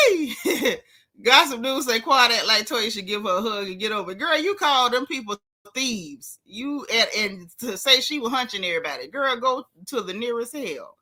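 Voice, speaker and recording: In an unhurried, lively-sounding delivery, a woman with a slightly high, bright and forceful voice runs a casual gossip vlog. Chatty and unfiltered, she addresses viewers head-on, teasing them bluntly and sassily while reading out and answering their comments.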